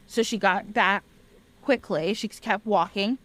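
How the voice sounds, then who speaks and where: A woman podcast host retells a legend as casual storytelling, animated and often laughing as she speaks straight to listeners. Her voice is mid-range and her pace unhurried.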